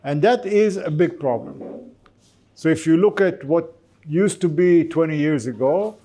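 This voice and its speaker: A man's voice: on the high side, unhurried, mellow. A man giving a conversational business lecture to a class, with informal joking asides.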